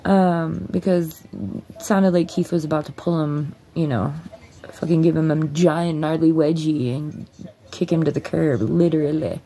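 A woman's voice: sits low, fairly even intonation, normal speed, dark tone. A woman vlogger at home, bluntly and profanely retelling a story in a casual storytime.

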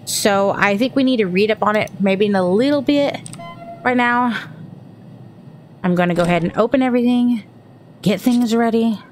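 A jumpy gaming streamer from Texas narrates a horror game let's-play, chatty and thinking aloud while startling easily. Her voice is a little high, at a moderate pace with long pauses, and a little hiss or hum sits in the audio.

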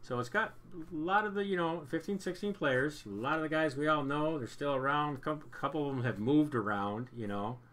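A man's voice: fairly high pitch, fairly quick, hardly any pauses, fairly bright tone. A man casually narrating a hockey card box break as its host, chatty and upbeat, often repeating himself. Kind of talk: casual card-opening commentary.

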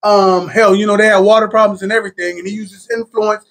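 A man hosting a casual podcast discussion, talking in an animated, enthusiastic way with many fillers. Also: high-pitched, fast. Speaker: podcast host.

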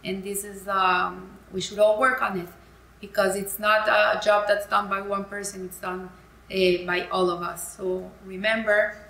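A woman's voice: mid-range voice, flat delivery, measured pace, creaky, a bit bright, roomy sound, rough recording. A woman giving a weekly Torah lesson, telling a story in an earnest, heartfelt way. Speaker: Torah teacher.

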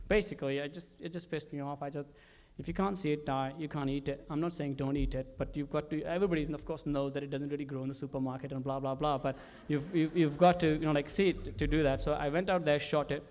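A male commercial director telling stories about his work in an animated way, with frequent restarts and fillers. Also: on the high side, fast, few pauses.

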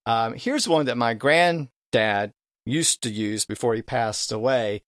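A man's voice: mid-range voice, unhurried, fairly bright tone, dry recording, studio quality. A man on a podcast, a guest expert explaining the history of English and stretching out vowels to demonstrate old pronunciations.

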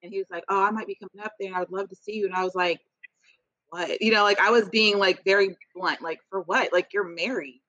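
A woman co-hosting a podcast, telling a story in blunt, animated casual chat and laughing often. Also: mid-range voice, fast, no room sound, muffled recording. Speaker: podcast co-host.

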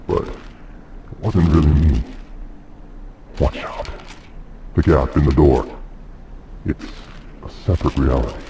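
Very deep, dark, gravelly voice, slow and hollow. It's an unsettling disembodied man from a horror game. Each word drags out with creaking fry. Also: a little hiss or hum. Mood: eerie. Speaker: game character.

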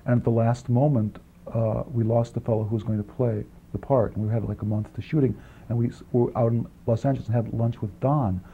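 A man being interviewed about his film work, talking quickly in long rambling answers with many restarts and asides, on an old archival tape. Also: mid-range voice, fairly even intonation, vocal fry. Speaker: film writer and director, interview guest. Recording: dull archival 1980s interview tape, faint hiss.

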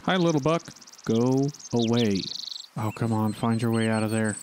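Man, middle pitch, casual hunting game commentary, talks to the deer, bird and insect sounds behind. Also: normal speed, background noise. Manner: talks to the animals on screen, pleading and muttering. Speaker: gaming channel host. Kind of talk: gameplay commentary.

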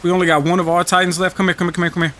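A young man giving live commentary over his own game match, profane, trash-talking and excitable. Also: sits high, very fast. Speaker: gaming channel host. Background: game music.

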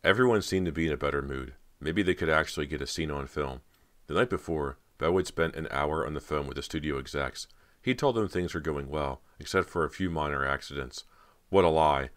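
Super deep voiced guy reading a spooky audiobook, steady and measured. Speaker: audiobook narrator. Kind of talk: scripted audiobook narration.

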